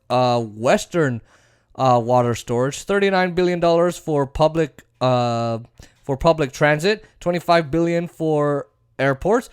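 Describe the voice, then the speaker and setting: A man's voice: fairly high pitch, dry recording, clean studio sound. A man hosting a political commentary show, ranting bluntly and profanely with many fillers. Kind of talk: casual political rant.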